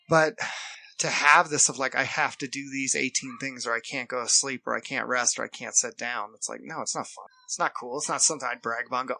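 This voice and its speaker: A man's voice: mid-range voice, fairly even intonation, dry recording. A man co-hosting a casual podcast, talking earnestly about his own experience and acting out the people he quotes. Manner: earnest, acts out quoted people, fast shifts in loudness. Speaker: podcast co-host.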